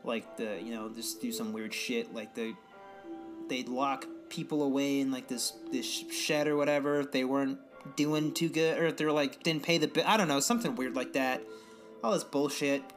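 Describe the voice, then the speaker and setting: A young man co-hosting a podcast in loose casual chat, rambling and swearing freely as he rants with animated outbursts. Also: medium pitch, normal speed, music in the background. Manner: rambling, profane, animated ranting. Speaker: podcast co-host.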